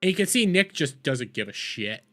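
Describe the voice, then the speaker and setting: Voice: mid-range voice, sing-song, moderate pace, pushed and bright, faint music behind. A streamer giving casual reaction commentary, profane and rambling. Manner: profane, rambling, scrolls while talking.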